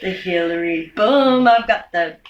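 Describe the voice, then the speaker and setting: A woman's voice: on the low side, animated, unhurried, lo-fi sound, slight background noise. A woman doing a light impression of a blustering older male politician, chanting boastfully. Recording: echoey room.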